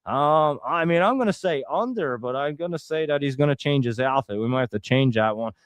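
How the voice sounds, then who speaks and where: A man's voice: medium pitch, animated, a little fast, clear, resonant tone, no room sound. A young man hosting a casual livestream, rambling and thinking aloud as he talks to viewers. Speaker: host.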